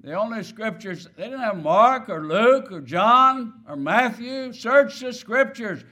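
A man's voice: high-pitched, expressive, slow pace, sharp tone. A man preaching a sermon, stressing key words and asking his listeners rhetorical questions.

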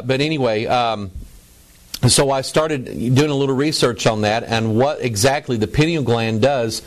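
A middle-aged man preaching a lecture to a broadcast audience, stressing words by drawing them out and often repeating himself. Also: medium pitch. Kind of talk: preaching lecture over images.

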